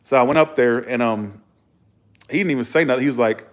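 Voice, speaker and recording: A man spins stories straight to camera in a loose, casual vlog. He is blunt and profane, acts out the arguments he describes, and chuckles between remarks. His voice sits at an ordinary middle pitch. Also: brisk. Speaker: vlogger.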